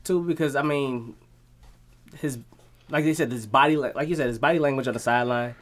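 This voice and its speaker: A woman's voice: extremely low pitch, a little fast. A woman co-hosting a casual sports chat, blunt and joking, swearing freely. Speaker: podcast co-host.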